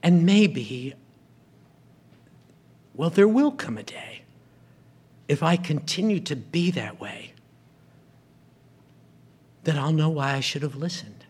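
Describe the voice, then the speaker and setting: A man's voice: a little high, sing-song, slow, pauses often, a little mellow, breathy edge. A man preaching a sermon, retelling a story and acting out the characters' lines.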